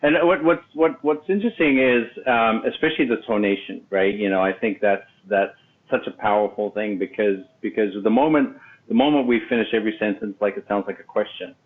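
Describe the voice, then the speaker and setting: A man with a fairly low voice hosting a leadership interview, circling his point with many restarts and fillers. His audio is thin and narrow, like a call over a phone line. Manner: halting, many restarts and "you know"s. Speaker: podcast host and leadership coach. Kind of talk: casual interview talk.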